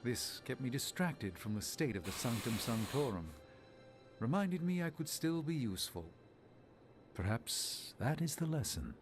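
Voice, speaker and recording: A weary middle-aged sorcerer from a video game, dry and wry in tone. His voice rises and falls a lot. Music plays clearly behind him. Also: medium pitch, sing-song, measured pace.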